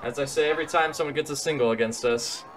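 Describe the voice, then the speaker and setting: A young man streaming a baseball video game, excitable, swearing and shouting at his players. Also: a little high, fast, a crowd in the background. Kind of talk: excited gameplay commentary.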